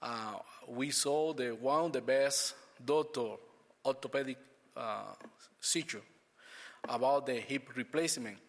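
A man's voice: mid-range voice, in a large hall. Man giving church testimony. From Cuba. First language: Spanish. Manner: halting non-native English with frequent restarts.

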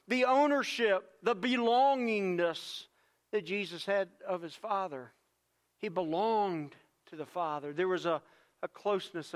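A male pastor preaching with a high, smooth, clear voice. He is earnest and emphatic, repeats phrases for weight, and drops to a hush before rising again. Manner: swings between hushed and loud stretches. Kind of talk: sermon.

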